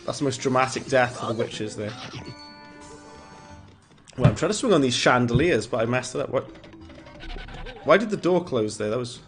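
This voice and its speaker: A man chats loosely while he plays, drifting between the game and tangents and laughing at his own jokes. His voice sits at an ordinary middle pitch. Game music plays faintly underneath. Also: expressive, normal speed, long pauses. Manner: chatty, rambling, chuckles at his own jokes. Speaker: gaming streamer. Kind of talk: casual gameplay commentary.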